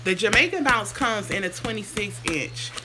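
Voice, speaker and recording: A woman's voice: mid-range voice, animated, normal speed, sharp tone, a little hiss or hum. A woman, hosting a casual hair livestream while sick and answering viewer comments. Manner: chatty, sidetracked, answers comments aloud. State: sick, sounds under the weather.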